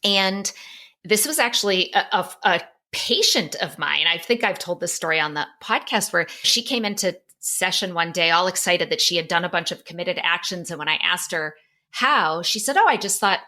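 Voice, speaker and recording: A middle-aged woman, a psychologist, telling a candid personal story on a podcast, open and animated. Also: fairly low pitch, normal speed. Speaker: psychologist and author guest.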